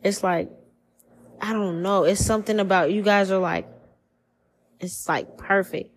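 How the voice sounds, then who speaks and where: A woman giving a casual spiritual reading on a podcast, talking in slangy, profane, animated bursts. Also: mid-range voice, a little slow, rough recording. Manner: profane, slangy, animated storytelling with put-on quoted voices. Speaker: tarot reader.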